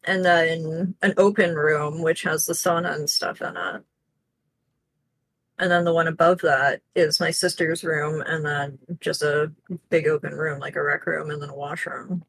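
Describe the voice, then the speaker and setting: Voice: mid-range voice, flat delivery, a little slow, creaky, fairly bright tone, slight background noise, poor audio. A comic artist explaining ideas matter-of-factly in casual chat, with fillers. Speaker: comic artist and podcast co-host.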